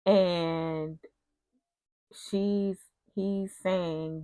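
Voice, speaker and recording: A woman's voice: lowish voice, a little slow, creaky, fairly bright tone, no room sound. A woman casually recapping a TV soap episode, retelling scenes with quoted lines and personal asides.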